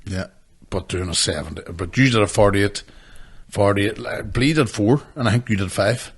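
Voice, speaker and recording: A man's voice: lowish voice, moderate pace, slightly rough. A man co-hosting a podcast, telling jokey, sweary stories in casual banter. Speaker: podcast co-host.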